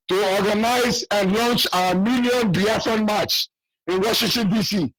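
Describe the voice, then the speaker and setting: A man's voice: high-pitched, fairly bright tone, husky, dry recording, rough recording. A man from southeastern Nigeria, calling into a radio show with an urgent, rallying appeal while losing his voice. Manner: urgent, rallying, repeats key details. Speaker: caller.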